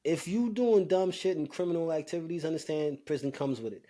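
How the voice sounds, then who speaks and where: A man co-hosting a podcast, telling a story in casual chat, swearing freely and with lively delivery. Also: a little high, fairly quick. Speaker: podcast co-host.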